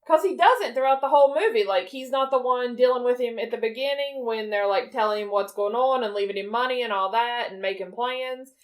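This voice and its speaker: Woman in her thirties, movie podcast co-host, casual chat, blunt and profane, higher-pitched voice. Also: a little fast, hardly any pauses. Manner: blunt, profane, incredulous questioning.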